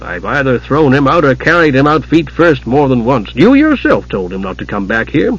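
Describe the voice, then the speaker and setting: A man reading an audiobook, voicing a gentle innkeeper husband who speaks quietly and soothingly in a husky voice. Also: medium pitch, big pitch swings, normal speed, highs cut off.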